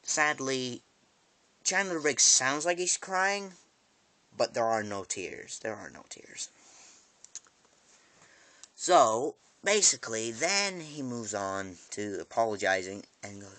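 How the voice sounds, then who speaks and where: A man with a mid-range, expressive voice and a sharp tone vlogs a casual, rambling recap of an episode. He swears freely and keeps breaking off into asides and quick restarts.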